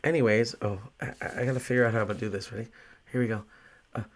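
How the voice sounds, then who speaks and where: Young male bar-worker host, lowish voice, chatty profane rant, casual monologue. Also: fairly even intonation, rapid-fire. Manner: profane, ranting, frequent fillers. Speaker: bartender and podcast host.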